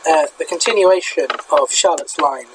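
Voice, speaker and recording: A man's voice: on the high side, moderate pace, noisy background. A man with a British accent hosting a podcast in casual chat, chatty and self-deprecating, often stumbling and restarting. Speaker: podcast host.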